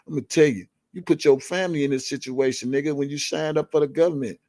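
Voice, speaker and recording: A man's voice: medium pitch, quick pace, hardly any pauses, darkish tone, no room sound, studio quality. A man hosting a live show, ranting in blunt, profane, confrontational commentary and repeating key words for emphasis. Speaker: livestream show host. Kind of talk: heated commentary rant.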